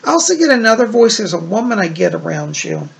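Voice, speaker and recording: A man hosts a casual psychic-reading show and answers viewer letters one by one. His voice swings widely in pitch and carries a gravelly edge. He talks in a chatty, reassuring way, leaning on "like" and "you know.". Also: very animated, fast talker. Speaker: psychic medium host.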